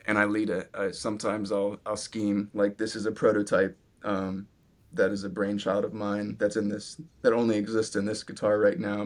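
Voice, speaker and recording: A man in his twenties, a guest guitarist in a casual interview, talking in a relaxed, rambling way with lots of "like". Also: on the low side. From Virginia, US. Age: 20s. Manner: relaxed, rambling with many "like" fillers.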